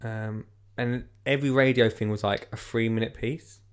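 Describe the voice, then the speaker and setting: A man's voice: mid-range voice, fairly even intonation, normal speed, smooth. A man hosting a podcast in rambling, jokey casual chat. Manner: rambling, jokey, lots of fillers. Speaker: podcast host.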